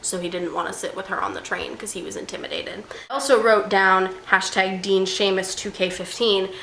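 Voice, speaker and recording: A young woman talking through a book in a casual vlog. She is animated and self-mocking, swinging into mock outrage. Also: medium pitch, normal speed, vocal fry. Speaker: book vlogger. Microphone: camera mic. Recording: roomy room with faint hiss.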